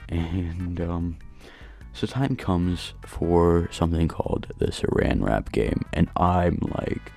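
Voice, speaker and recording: A man with a low, mellow voice tells a storytime voice-over at an unhurried pace. He rambles and pokes fun at himself as he talks, with faint music playing underneath. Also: creaky. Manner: rambling, self-deprecating storytelling. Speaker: gaming channel host. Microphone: voice-over recorded late at night.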